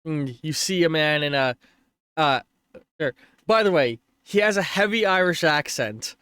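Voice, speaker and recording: A man's voice: fairly high pitch, animated, measured pace, a bit bright, clean tone, dry recording, clean studio sound. A man narrating as game master of a tabletop game on a stream, rambling and correcting himself as he goes.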